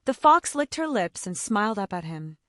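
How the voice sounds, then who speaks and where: A woman storyteller narrating a children's fable with a scripted, gently dramatic reading. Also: medium pitch, sing-song, moderate pace, no echo, clean studio sound.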